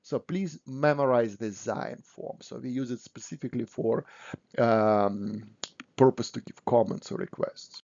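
A man's voice: medium pitch, measured pace, creaky, a little mellow. Man teaching German grammar, dull lo-fi sound. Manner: patient, repeats "no?" to check understanding. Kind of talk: explaining grammar to learners.

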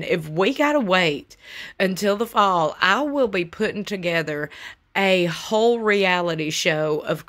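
A woman chatting to her viewers from home, telling stories in an animated way and laughing often. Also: medium pitch. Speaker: YouTube host. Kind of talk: casual chat to viewers.

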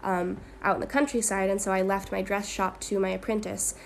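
A woman telling a long, dreamy, rambling what-if story with soft fillers. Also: mid-range voice, level tone, a little fast, vocal fry, slight background noise. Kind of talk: whimsical storytelling monologue.

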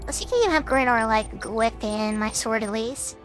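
A woman's voice: on the high side, moderate pace. Chatty woman commenting on gameplay. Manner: chatty, thinking aloud. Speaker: streamer. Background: game music.

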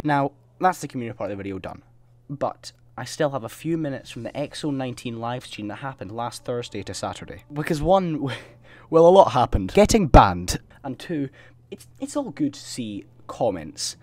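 A man's voice: mid-range voice, a little mellow. A man giving sarcastic reaction commentary on a gaming stream, mocking what he sees and laughing often.

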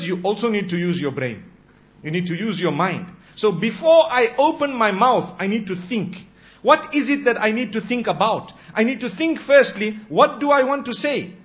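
A man giving a sermon in a measured, deliberate way, slowing down for emphasis. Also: high-pitched, highs cut off. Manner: measured, slows for emphasis, acts out quoted spouses softly. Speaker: Islamic preacher.

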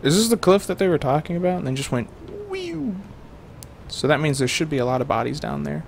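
A man's voice: on the high side, racing, creaky, a little hiss or hum. A young man giving rambling, jokey let's-play commentary to his viewers as a gaming host.

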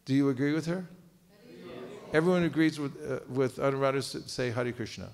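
A man's voice: mid-range voice, brisk. A man giving a live seminar lecture, quizzing his audience and cracking jokes. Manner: lively, quizzes audience, joking asides. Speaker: seminar teacher. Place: temple cultural hall.

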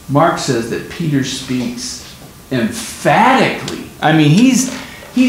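Slow, emphatic preacher in echoey room. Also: male voice. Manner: emphatic, explains and repeats key points. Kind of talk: sermon teaching on scripture. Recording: very echoey room, faint rumble.

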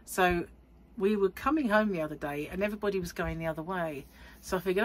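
Rambling and chatty with frequent laughter, this middle-aged crochet vlogger from the United Kingdom talks casually to camera. She has a lowish voice and speaks a little fast.

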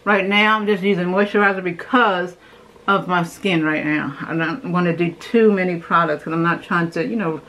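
Casting: young adult woman, beauty vlogger, chatty and enthusiastic, slightly low pitch, talking through her skincare routine. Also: fairly even intonation, normal speed, a bit bright, poor audio. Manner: chatty, enthusiastic, talks while doing the steps. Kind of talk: casual skincare routine demo.

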